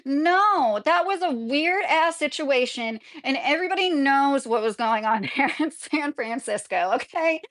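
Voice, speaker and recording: A woman's voice: high voice, expressive, unhurried, hardly any pauses, a bit bright. A woman giving casual live-stream commentary, rambling with frequent apologies and laughing asides. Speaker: livestreamer.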